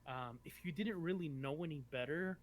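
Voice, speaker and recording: A man's voice: fairly high pitch, normal speed, a little hiss or hum. A man narrating as game master for a tabletop game, rambling with many ums and restarts.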